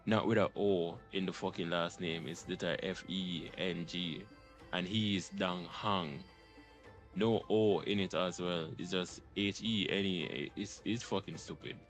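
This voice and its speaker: Profane, excitable young male streamer. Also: sits low, unhurried, soft background music. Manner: profane, excitable, laughing through his words. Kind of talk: casual game reaction commentary. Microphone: desk microphone.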